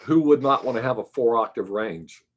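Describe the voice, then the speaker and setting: A man in an easygoing, unscripted chat on his live stream. He rambles and trails off while he mulls over a viewer's question, often pausing mid-thought before picking up again. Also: mid-range voice. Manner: rambling, thinks aloud, trails off.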